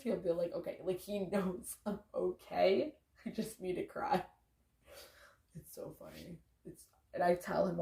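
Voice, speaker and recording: A woman's voice: on the low side, fairly even intonation, normal speed, gravelly, mellow, roomy sound. A woman giving loose, candid motivational talk to her viewers, casually swearing and saying "like" a lot. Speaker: vlogger, parent.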